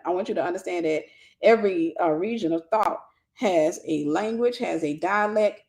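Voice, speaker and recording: A woman's voice: medium pitch, darkish tone. A woman gives an informal spoken teaching as a ministry host, repeating key phrases for emphasis. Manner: conversational, with casual fillers.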